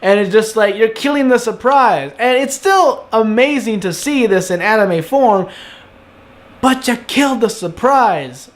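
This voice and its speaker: Gushing high-voiced anime reviewer man. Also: unhurried. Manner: excitable, gushing, profane. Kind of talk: casual video review.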